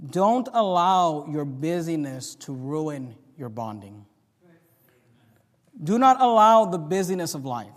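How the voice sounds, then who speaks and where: A man preaching a sermon as pastor, swinging from low confiding talk to loud rising exhortation. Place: church sanctuary. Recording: long reverb of a church hall.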